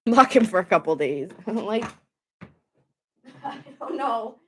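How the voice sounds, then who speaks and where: A woman's voice: on the high side, animated, slow, a little hiss or hum. A young adult woman giving a casual tarot reading to camera, talking emphatically with lots of filler words and open indignation. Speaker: tarot reader.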